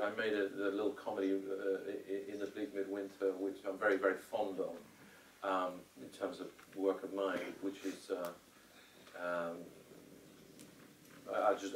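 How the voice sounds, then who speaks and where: A fairly low-pitched man answering questions after a screening, rambling through restarts and bringing quotes to life. He sounds distant in a roomy cinema hall, with faint ambient murmur. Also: slight background noise. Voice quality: rambling, full of restarts and hesitations. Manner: animated storyteller who acts out quotes. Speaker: film director answering audience questions.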